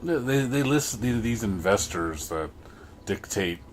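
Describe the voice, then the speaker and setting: A low-pitched man talks through a frustrated, casual rant on his livestream. He keeps stumbling, repeating and restarting his words as he pushes his point. Soft music plays faintly behind him. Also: expressive, a little slow.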